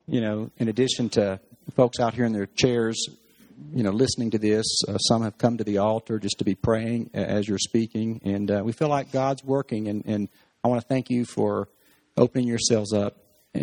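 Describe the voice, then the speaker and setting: A man leading a church service, talking gently with many pauses and fillers, interviewing a guest and then praying aloud. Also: fairly low pitch. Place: church hall.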